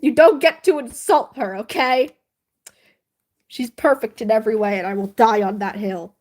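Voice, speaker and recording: A woman livestreaming and chatting casually with her viewers, excitable and swearing, shrieking when worked up. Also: on the high side, normal speed.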